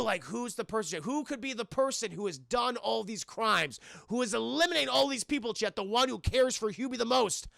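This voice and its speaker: A man reviewing a film on a livestream, excitedly recapping the plot and constantly addressing his chat, swearing along the way. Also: very high-pitched, normal speed, vocal fry, few pauses, no room sound, studio quality.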